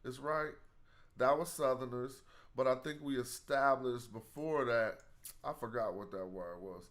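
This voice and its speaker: A man's voice: mid-range voice, a little slow, fairly bright tone. A man hosting a casual live study stream, thinking aloud in slang as he works through hieroglyphs.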